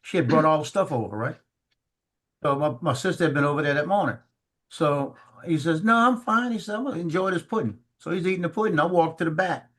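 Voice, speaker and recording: A middle-aged man telling family stories in casual chat, halting and repeating words as he acts out what people said. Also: on the high side.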